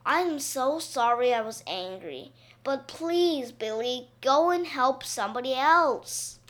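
A woman's voice: high voice, expressive, takes it slowly, fairly bright tone, exaggerated voice. A woman voicing a male next-door neighbor in a children's storybook reading. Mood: apologetic.

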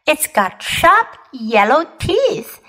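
A woman voicing a small, mischievous boy in a storybook read-aloud, who grumbles and yells. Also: slow pace, heavily acted. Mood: gleeful. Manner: grumbling, then shrill excited yelling. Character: small boy, restless and mischievous, won't sleep.

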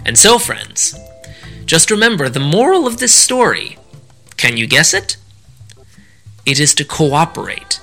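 Bright, animated male storyteller. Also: a little high, measured pace, creaky, pauses often, faint music behind. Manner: animated, sing-song storytelling. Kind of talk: children's story reading.

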